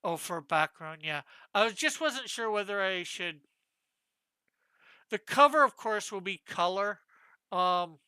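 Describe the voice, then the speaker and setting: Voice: mid-range voice, lively intonation, unhurried, long pauses, sharp tone, clear, resonant tone, dry recording. A comic artist chatting casually with viewers on a live stream while drawing, thinking aloud and asking their advice.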